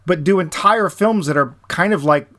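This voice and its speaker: A man's voice: sits high, normal speed, pushed and bright. A man in his fifties from the United States, hosting a casual podcast chat in a chatty, joking manner and laughing often. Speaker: podcast host.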